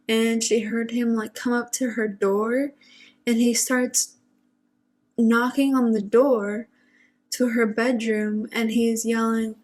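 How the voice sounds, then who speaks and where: Young woman, casual storyteller, slightly high, flat delivery, halting and uneasy. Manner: halting, hushed, unsettled retelling.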